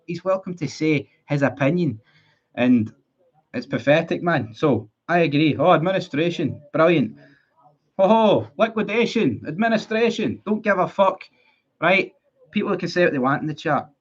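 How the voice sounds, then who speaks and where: A man's voice: fairly high pitch, breathy edge, lo-fi sound. A Scottish man ranting heatedly about his football club on a live stream, reading chat messages and swearing often. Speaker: football fan livestreamer.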